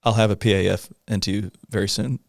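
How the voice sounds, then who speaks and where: A middle-aged man, a police officer guest, recounting a personal story in a halting way, with many pauses, fillers and rueful laughs. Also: fairly low pitch, steady tone, gravelly, no echo, studio quality. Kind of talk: conversational storytelling in a podcast interview.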